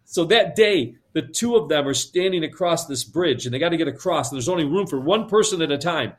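Animated man retelling a story. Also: on the high side, fairly quick. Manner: lively, repeats words, switches into character voices. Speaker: guest storyteller.

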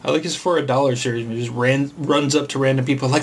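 A man's voice: mid-range voice, fairly even intonation, fast, a little hiss or hum. A man co-hosting a podcast in casual chat, rambling and retelling funny clips in jumpy voices. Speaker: podcast co-host.

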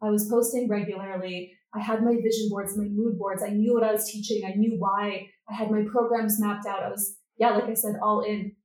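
A middle-aged woman, a guest on a podcast, telling her story and acting out the dialogue with lively energy. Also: mid-range voice, fairly quick, hardly any pauses, roomy sound, low-quality recording. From Canada. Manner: lively, acts out quoted dialogue. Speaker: podcast guest, business coach. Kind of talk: storytelling interview.

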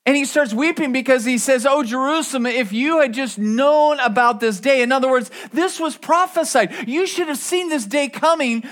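Male pastor, higher-pitched voice, casual sermon with asides and restarts. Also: a bit bright. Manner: conversational preaching with asides and repeated restarts.

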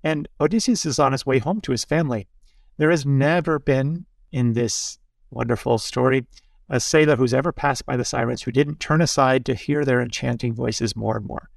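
A priest with a gravelly, textured voice speaks in a dry, close recording. He teaches reflectively and tells stories in a conversational way, tossing in little asides to his listener. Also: mid-range voice, normal speed, no room sound. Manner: storytelling, with asides like "huh?". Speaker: Jesuit priest, guest.

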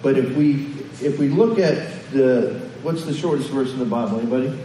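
A man's voice: mid-range voice, moderate pace, warm tone, slight background noise. A man preaching a sermon as pastor, talking conversationally and putting questions to the congregation. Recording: echoey hall from far off.

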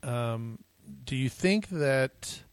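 A man's voice: medium pitch, lively intonation, extremely slow, smooth, no echo. A man co-hosting a podcast, chatting casually about flying and rambling with many restarts. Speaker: podcast co-host. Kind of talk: casual chat.

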